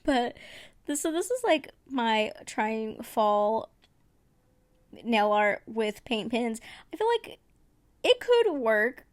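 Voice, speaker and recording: A woman's voice: on the high side, very animated, slow pace, long pauses, no room sound. A woman, chatting in a casual voice-over as she walks through her nail art and laughs at her own mistakes.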